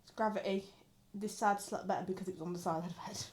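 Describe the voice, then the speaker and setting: A woman's voice: mid-range voice, steady tone, fast talker. A woman, chatting casually and telling stories with acted-out quotes and lots of swearing. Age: 20s. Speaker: podcast co-host. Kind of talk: casual chat.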